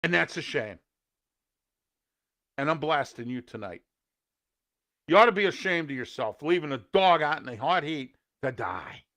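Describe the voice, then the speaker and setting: A man's voice: fairly high pitch, lively intonation, normal speed, pauses often, pushed and bright. A man hosting an opinion show, ranting and scolding indignantly at people he finds foolish. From Pittsburgh area. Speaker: host.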